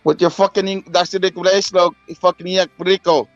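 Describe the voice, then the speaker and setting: Brief: high-pitched man, close and dry on lo-fi voice chat, teasing relentlessly. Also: little pitch movement, a little fast, no echo. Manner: taunting, mixes in sing-song Spanish jabs. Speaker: voice chat participant. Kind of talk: mocking voice-chat banter. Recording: dry lo-fi voice chat with faint music.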